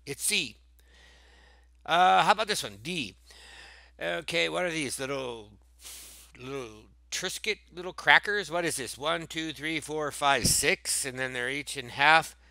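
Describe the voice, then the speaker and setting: Guy teacher goofing around going over math problems, bright tense voice, dead dry room. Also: a little high, unhurried, gravelly, dry recording. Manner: playful, jokey, talks to the answer choices. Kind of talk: casual math lesson walkthrough.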